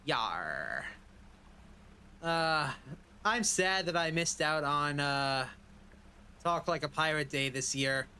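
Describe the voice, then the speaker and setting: A man's voice: on the high side, fairly even intonation, measured pace, pushed and bright, clear, resonant tone. A man casually chatting through a live-streamed game, rambling and dropping playful pirate asides.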